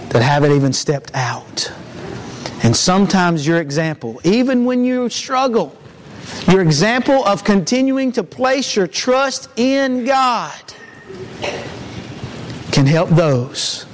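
A man's voice: on the high side, slight background noise. A man preaching a sermon in a church, in an earnest, conversational way with frequent restarts.

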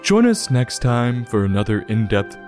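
A man hosting a comic book review show, delivering mock-serious, sarcastic commentary in a deadpan way. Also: mid-range voice, moderate pace, music in the background. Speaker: host.

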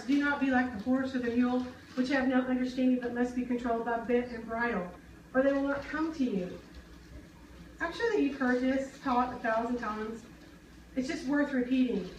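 A woman's voice: high-pitched, steady tone, brisk, a little hiss or hum. A woman preaching a sermon, earnest and conversational, often asking the congregation questions. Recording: echoey hall, mic at a distance.

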